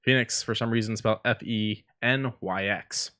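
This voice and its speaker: A man's voice: fairly low pitch, fairly even intonation, moderate pace, bright, forceful tone. A man co-hosting a podcast, telling stories and running down news in casual chat with fillers. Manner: storytelling, news rundown with fillers. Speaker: podcast co-host.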